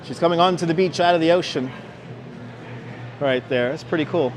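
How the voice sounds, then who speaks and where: A man's voice: on the high side, brisk, pauses often, slight background noise. A man with a New York accent hosting a casual live-streamed walking tour, chatting with viewers and reading out signs. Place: outdoor city walkway at evening. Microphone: wireless clip-on mic.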